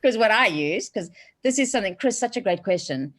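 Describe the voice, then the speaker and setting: A woman hosting a casual video call, upbeat and quick-talking. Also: medium pitch, animated. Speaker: host.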